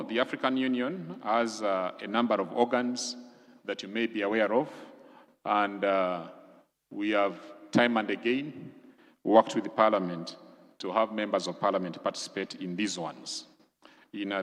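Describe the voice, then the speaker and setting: Measured man presenting in a reverberant hall. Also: on the low side. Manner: measured, explanatory, lists items deliberately. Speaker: government official briefing legislators. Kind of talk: formal presentation. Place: large conference hall. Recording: long reverb of a large hall.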